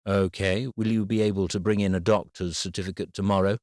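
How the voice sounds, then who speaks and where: A deep-voiced man reads a firm school official who sounds concerned. He speaks in a slow, measured way. The sound is close and dry. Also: steady tone, darkish tone, no room sound, close to an everyday voice.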